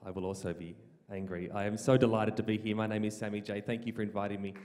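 A comedian with an Australian accent working as an awards MC, talking in mock-stern, dry deadpan patter on stage. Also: male voice, lowish voice, quick pace. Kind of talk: stand-up comedy with a sung comic song. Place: large event hall, on stage. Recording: hall reverb, music behind.

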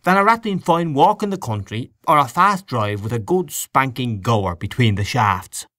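A man reading a story aloud, voicing a hearty, stout, jovial middle-aged gentleman. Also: a little high, wildly swooping pitch, fairly quick, no room sound, studio quality, pitched above the performer's own voice, full character voice.

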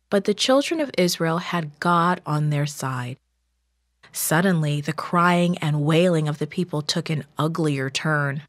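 Woman narrator, kids' Bible story, unhurried and lowish, dry close sound. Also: no room sound. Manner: slow, measured, gentle reading.

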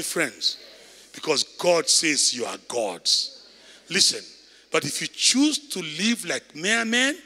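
Kenyan bishop preaching, tense bright voice. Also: male voice, fairly high pitch, creaky. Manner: preaching loudly, calling out to the congregation. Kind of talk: sermon. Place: large church hall. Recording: echoey church hall.

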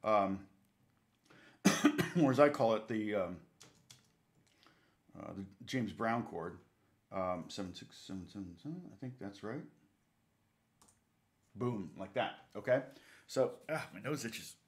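A man's voice: fairly low pitch, expressive, unhurried, pauses often. A man giving a casual live guitar lesson, rambling and chatty, counting beats aloud between bits of guitar playing. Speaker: guitar teacher. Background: guitar playing between talk.

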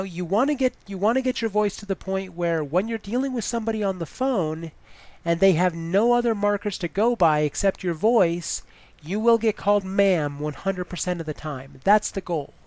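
A woman's voice: mid-range voice, a little mellow, dry recording. A woman giving advice in a casual vlog, chatty and full of "you know" fillers.

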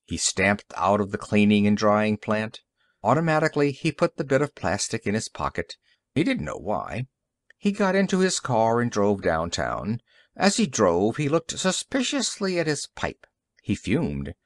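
A man narrating an audiobook story in an expressive, varied reading. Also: fairly low pitch, moderate pace, no room sound, clean studio sound. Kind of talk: scripted narration.

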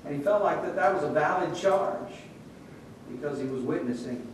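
A man preaching a sermon in a relaxed, conversational way, telling stories and acting out the voices in them. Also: a little fast. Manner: conversational storytelling with quoted voices. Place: church sanctuary. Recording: echoey church room, distant mic, faint rumble.

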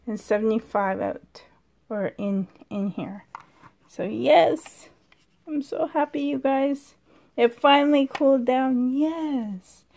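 A woman vlogging casually from a dim room at home, chatty and excitable, sometimes dropping to a whisper, filmed on a handheld camera. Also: high-pitched, slow, vocal fry. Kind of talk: casual vlog chat.

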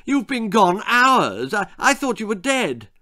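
A man reading aloud, voicing a bossy schoolboy with a sharp, taunting manner. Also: fairly high pitch, lively intonation, normal speed, no room sound, studio quality, voice pushed up. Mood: relieved.

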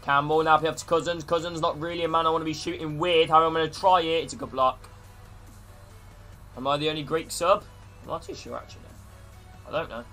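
Bright-voiced man commentating his game. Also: a little high, fairly even intonation, fast, pauses often, soft background music. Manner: commentating play-by-play, greeting chat viewers. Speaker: gaming streamer. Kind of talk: live-streamed video game commentary.

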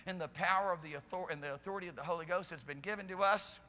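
A man's voice: high voice, very fast. Fervent preacher man in a reverberant church. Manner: fervent, swings from loud shouting to soft pleading. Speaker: pastor. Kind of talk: charismatic sermon. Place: church sanctuary during a service.

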